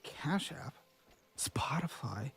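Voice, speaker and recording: A man's voice: mid-range voice, very animated, extremely slow, gravelly, fairly bright tone, slightly rough, in a whisper. A man hosting from a studio, harshly berating a guest over her spending in a profane, scornful tirade. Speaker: host. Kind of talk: berating financial review.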